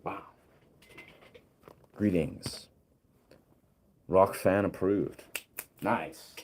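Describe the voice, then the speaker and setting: A man's voice: low voice, drawn-out words, darkish tone, a little hiss or hum. A man streaming as a music producer, talking casually to himself and his chat while troubleshooting his setup.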